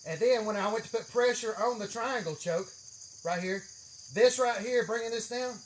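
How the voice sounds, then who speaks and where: A man with a drawl tells a rambling, profane story and throws in swear words freely. His voice sits fairly high for a man. Faint insects chirp behind him in a greenhouse. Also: normal speed, a little hiss or hum. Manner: profane, animated, swears heavily. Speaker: channel host. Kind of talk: casual storytelling.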